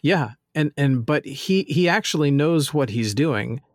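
A man co-hosting a podcast in casual chat, measured and easygoing. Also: a little high, animated, no room sound, studio quality. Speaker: podcast co-host.

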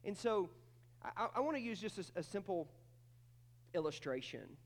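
A man preaching a sermon with emphatic swings between loud, high bursts and quiet, low stretches, often repeating words as he starts a thought. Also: sing-song, normal speed. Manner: acts out quoted voices in dialogue. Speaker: pastor.

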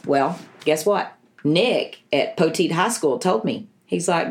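A woman's voice: low-pitched, expressive, slow pace. Earnest woman telling her story. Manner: earnest, emotional, rambling with restarts. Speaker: guest, bereaved mother. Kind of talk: personal story in an interview.

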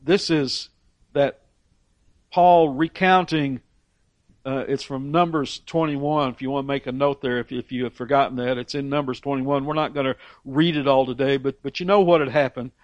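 A man's voice: mid-range voice, fairly even intonation, normal speed, no echo, muffled recording. A man preaching a sermon with emphatic rises on key phrases and frequent repeated words as he restarts. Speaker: pastor.

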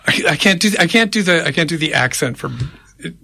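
A man's voice: a little high, animated, quick pace, vocal fry, pushed and bright. A man co-hosting a radio show, chatting casually about city politics in a conversational, rambling way. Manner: conversational, rambling, tallies names aloud. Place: radio studio. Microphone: studio microphone.

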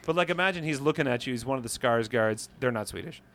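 A man's voice: medium pitch, fast talker. A man co-hosting a podcast in casual comedic chat. His voice rises and falls a lot as he tells stories, jokes around and swears now and then. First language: English. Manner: animated, jokey storytelling with profanity. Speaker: podcast co-host.

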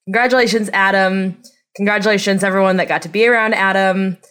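A woman's voice: medium pitch, fast talker, clear, resonant tone. A woman as a podcast guest in casual chat, trading dry jokes. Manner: jokey, deadpan quips.

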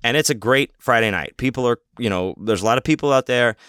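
A man's voice: medium pitch, quick pace, fairly bright tone, smooth, no echo, clean studio sound. A man hosting a podcast, telling a long story casually in a rambling, profane, self-mocking way. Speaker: podcast host.

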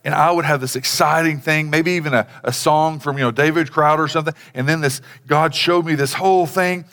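A man's voice: fairly even intonation, fairly quick, fairly bright tone. A middle-aged man preaching in a conversational, rambling way, full of fillers and restarts, with acted-out bits of dialogue. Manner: acts out quoted dialogue in a lower voice. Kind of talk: sermon on family devotions. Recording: long hall reverb.

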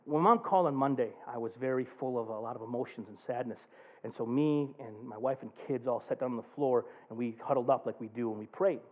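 A male pastor preaching a sermon, moving from a quiet, subdued personal story to loud, passionate preaching. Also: medium pitch, brisk. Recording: tinny phone-like sound.

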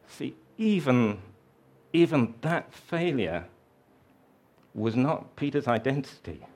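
A man preaching a sermon, telling a story slowly and reflectively, raising his voice for the quoted lines. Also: medium pitch, big pitch swings, darkish tone.

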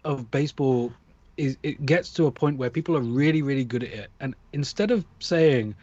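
A man's voice: mid-range voice, moderate pace, darkish tone, dry recording, dull audio. A man in casual sports chat, ranting with exasperation and mock quotes.

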